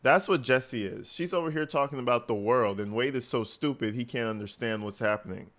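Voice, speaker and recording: Male reaction commentator, casual and profane, mocking tone, mid-pitched voice. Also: animated, moderate pace, hardly any pauses, fairly bright tone. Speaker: commentary host.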